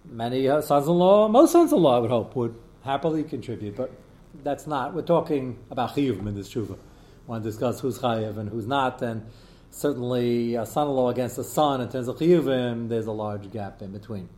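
A man teaching a relaxed Talmud class at a middle pitch. He reads passages aloud and then explains them in plain, chatty talk. He stops to take questions from his students as he goes. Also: normal speed. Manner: conversational, answers students' questions, drops Hebrew terms. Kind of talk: casual Talmud lesson.

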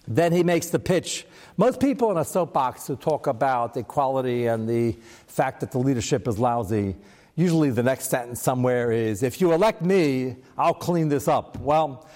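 A man's voice: medium pitch, darkish tone, big-room sound. A man teaching a scripture lesson, chanting verses aloud and then explaining them in casual, wry asides, with an American accent. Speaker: Torah teacher. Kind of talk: text study lesson.

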